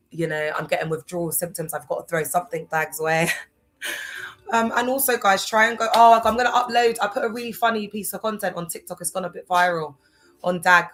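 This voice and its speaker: A woman's voice: fairly low pitch, fairly bright tone, rough recording. A woman in her thirties, unwell, chatting loosely on a live stream about faith, with many fillers. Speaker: livestream host.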